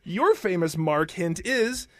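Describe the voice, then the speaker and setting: A man's voice: sits high, expressive, slow, no echo, studio quality. A man running a radio quiz segment as digital producer, punning and showy, calling out titles. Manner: punning, showman-like, shouts titles.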